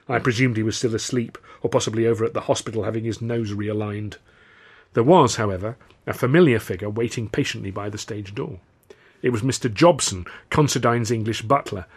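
Brief: male author-narrator, husky, brisk and wry. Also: on the low side. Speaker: author reading his novel. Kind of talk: scripted narration.

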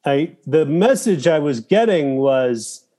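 A man talking as a guest in a casual interview, telling animated stories with profanity and quoting his own thoughts aloud. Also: a little high, slow pace. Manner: animated storytelling with profanity and quoted inner thoughts. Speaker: guest, filmmaker and actor.

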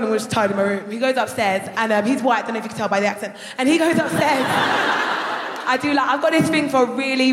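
A young woman performing a loud, brash stand-up comedy routine on a theatre stage, breaking into shouts as she tells her story. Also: high-pitched, very noisy. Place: theatre stage before a live audience. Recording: echoey hall with loud audience laughter.

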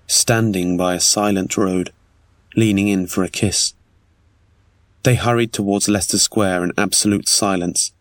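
A man narrates a story in a measured, steady way. His voice sits on the low side and is recorded dry and close, with no room sound. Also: no room sound. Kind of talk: scripted audiobook narration.

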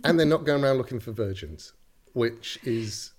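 A middle-aged man chatting as a comedic guest, rambling with dry asides and quiet chuckles. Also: medium pitch, lively intonation, moderate pace. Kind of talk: improvised comedy chat.

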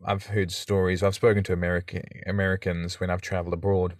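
Chatty South African man, low voice. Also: flat delivery, fast, dry recording, clean studio sound. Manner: chatty, stammers on restarts. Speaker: podcast guest. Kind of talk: casual interview chat.

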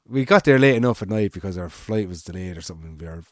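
A man's voice: low voice, expressive, fast talker, dry recording, clean studio sound. A man with an Irish accent telling a long, rambling anecdote in casual chat, acting out the quoted lines and swearing freely.

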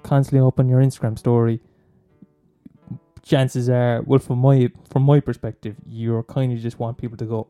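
A man's voice: mid-range voice, flat delivery, normal speed, mellow, soft background music. A young man doing a profane, mocking comic rant, rambling and swearing constantly. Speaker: comedian.

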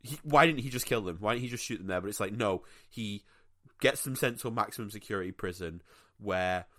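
Low-voiced wry male podcast co-host. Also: a little fast, fairly bright tone. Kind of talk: casual chat.

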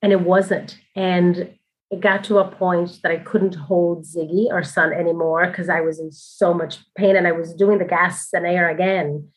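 A woman's voice: fairly low pitch, flat delivery, moderate pace, rough recording. A woman telling her own story casually and candidly, with frequent asides and fillers and a ready laugh.

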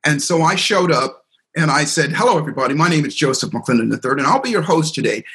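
A middle-aged man, a seminar speaker and coach, telling an animated story as a guest in a podcast interview. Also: fairly high pitch, quick pace. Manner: animated storyteller, acts out quoted voices.

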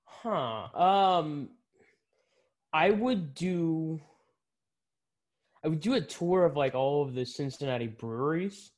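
A man's voice: a little high, animated, slow, long pauses. A man who is a guest in a casual interview, giving easygoing and thoughtful answers.

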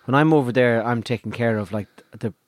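A man's voice: mid-range voice, fairly quick, no room sound. Rambling Irish man, dry sound. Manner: rambling storyteller, stammers and restarts, swears. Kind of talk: casual chat.

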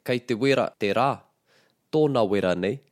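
A man teaching Māori phrases in a relaxed conversational lesson, modelling each phrase with lively intonation. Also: medium pitch, normal speed, no room sound, clean studio sound. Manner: explains phrases, models them with expressive intonation.

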